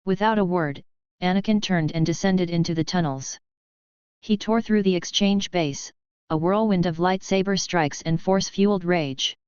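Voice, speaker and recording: A woman narrates a story in an even, measured reading. Her voice is very clear and a little low, with a dry, slightly dull sound. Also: no room sound. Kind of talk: storybook narration of fan fiction.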